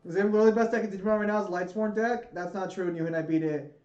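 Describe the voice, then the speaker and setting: A man's voice: high voice, fairly even intonation, fast, a little mellow, roomy sound, highs cut off. A man streaming a game, giving casual, profane and rambling commentary. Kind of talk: casual let's-play commentary.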